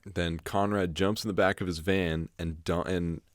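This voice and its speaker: Low-voiced man rambling through a recap. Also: fairly even intonation, no echo, studio quality. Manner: rambling, swears freely, acts out scenes in quick put-on voices. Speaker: podcast co-host. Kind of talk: casual film recap chat.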